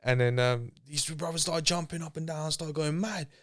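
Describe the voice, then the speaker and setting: A man's voice: on the high side, normal speed, fairly bright tone. A man telling his story as an interview guest in a casual, chatty way, full of slang and acting out the voices of people he quotes.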